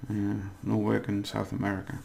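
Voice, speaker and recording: A man giving a casual Spanish lesson, patiently repeating words slowly syllable by syllable. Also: on the low side, monotone, gravelly, darkish tone. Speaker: Spanish language teacher. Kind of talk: casual spoken language lesson.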